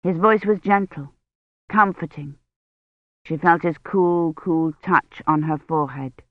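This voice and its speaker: An audiobook narrator reading a novel in a slow, measured way. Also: medium pitch, no echo. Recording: dry tinny phone-like audio.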